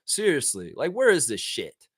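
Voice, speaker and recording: A fired-up man hosting a live basketball show, ranting and cursing as he goes. His fairly high voice swings wildly up and down, and the sound is dry and close. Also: normal speed, husky, dry recording. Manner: animated and swearing, jumping up high for emphasis; mocks people with put-on quoted voices. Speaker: sports show host. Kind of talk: profane ranting commentary.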